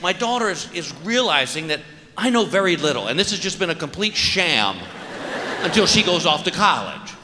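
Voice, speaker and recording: A man in his forties performing a stand-up comedy routine, animated and exaggerating voices and shouts. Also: high voice, moderate pace. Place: stage in a large hall. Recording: live hall with audience noise.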